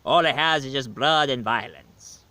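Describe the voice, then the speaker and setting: A man playing Dracula, a male vampire who is tired of killing, giving a slow, rambling video game review in character. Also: mid-range voice, sharp tone, no room sound. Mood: weary. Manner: slow, rambling, self-correcting.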